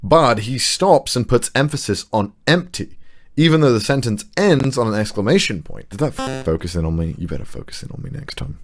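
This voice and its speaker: A man's voice: medium pitch, lively intonation, a little fast, soft background music. A man giving casual, analytical commentary on voice acting clips.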